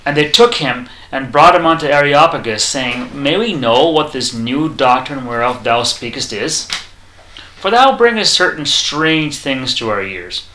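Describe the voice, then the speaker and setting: A man preaching a sermon, reading scripture aloud and acting out the quoted lines in a lively way. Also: measured pace, roomy sound, slight background noise, rough recording. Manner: animated, acts out quoted lines with rising pitch; reads scripture aloud in King James wording.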